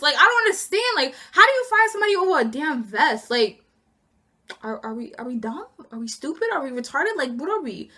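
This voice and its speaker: A young woman vlogger telling an indignant, animated story about being fired, acting out each side of the conversation. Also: sits high, brisk. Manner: indignant, animated retelling with acted quotes. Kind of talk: casual storytime rant.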